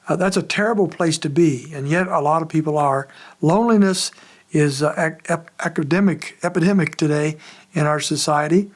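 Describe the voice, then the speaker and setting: A pastor giving an expository sermon in a conversational, measured way, pausing often as he explains the text. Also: on the high side. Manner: conversational, measured preaching with frequent pauses.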